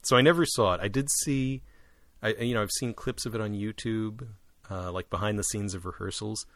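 A man co-hosting a podcast, chatting casually and with animation about musicals, with quick jumps up in pitch for asides. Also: fairly even intonation, fairly bright tone, dry recording. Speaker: podcast co-host.

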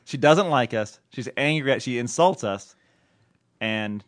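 A man's voice: medium pitch, expressive, measured pace. A man hosting a podcast, talking casually and joking, laughing often. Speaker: podcast host. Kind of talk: casual chat.

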